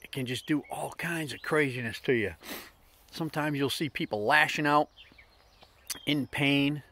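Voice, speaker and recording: A man's voice: a little high, moderate pace, bright, forceful tone. A middle-aged man hosting a casual motivational vlog, telling stories in a plainspoken, folksy way. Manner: plainspoken storytelling with folksy slips. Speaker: vlog host.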